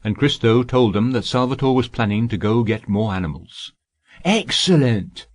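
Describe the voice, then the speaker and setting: A man reading an audiobook in a steady, even storytelling voice. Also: lowish voice, brisk, no echo. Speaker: audiobook narrator. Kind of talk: scripted audiobook narration.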